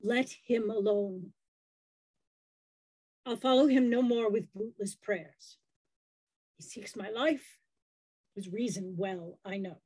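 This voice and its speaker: A woman's voice: mid-range voice, slow pace, long pauses, a little mellow, no echo, poor audio. A woman reading a resigned, grave merchant. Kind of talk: unrehearsed play reading.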